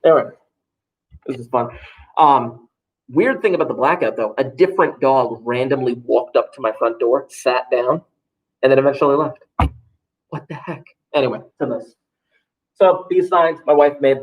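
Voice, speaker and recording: A man's voice: medium pitch, moderate pace, long pauses, highs cut off. A man, a math teacher joking through first-day rules for his class. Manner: joking, offhand, self-mocking asides. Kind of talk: classroom talk to students, livestreamed.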